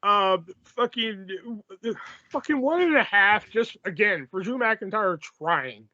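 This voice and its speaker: A man's voice: high-pitched, expressive, slow, pushed and bright, no echo, lo-fi sound. A man co-hosting a podcast in casual chat, sarcastic and profane, often laughing. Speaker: podcast co-host.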